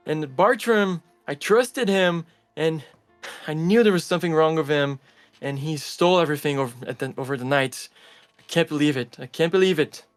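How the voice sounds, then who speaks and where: A man's voice: high voice, pitched above the performer's own voice, natural voice. A man voicing a desperate female blacksmith who stammers and keeps repeating herself.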